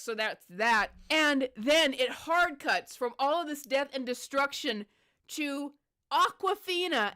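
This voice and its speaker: A woman's voice: sits high, pushed and bright, smooth. A woman giving casual opinion commentary in a sarcastic, exasperated ranting manner.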